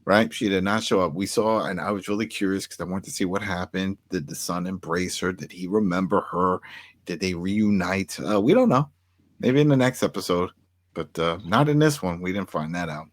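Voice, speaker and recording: A man co-hosting a casual TV recap chat, animated and acting out characters' lines. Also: low-pitched, moderate pace. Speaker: podcast co-host.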